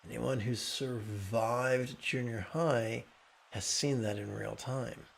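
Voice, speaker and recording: A man with a gravelly, creaky voice teaches meditation in a calm, explanatory way. His pitch sits in the middle, and he often restarts his sentences. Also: takes it slowly. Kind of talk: meditation talk.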